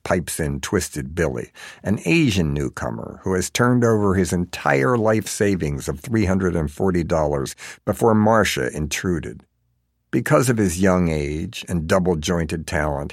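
A man narrating a comic story in a wry, measured storytelling manner. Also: deep voice, no room sound, clean studio sound. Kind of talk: scripted narration.

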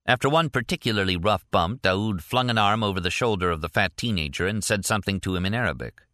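Deep steady male audiobook narrator, crisp voice, dry close sound. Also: quick pace, no echo. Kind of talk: scripted narration.

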